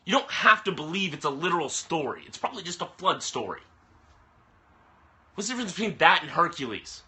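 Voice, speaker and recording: Profane ranting man, bright voice. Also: on the high side, sing-song, brisk. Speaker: vlogger. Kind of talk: angry live-stream rant. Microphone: camera mic. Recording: phone or webcam live stream.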